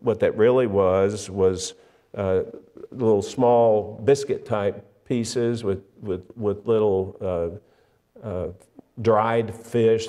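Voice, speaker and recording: Slow steady guy preaching a sermon, lowish voice, long echo of a church. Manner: measured, emphatic, with frequent fillers and restarts. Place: church sanctuary.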